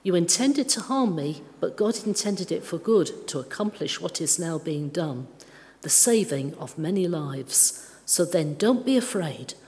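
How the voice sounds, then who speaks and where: A woman reading a Bible passage aloud in a calm, careful way during a church service. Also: on the low side, measured pace. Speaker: scripture reader. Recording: long reverb of a large church.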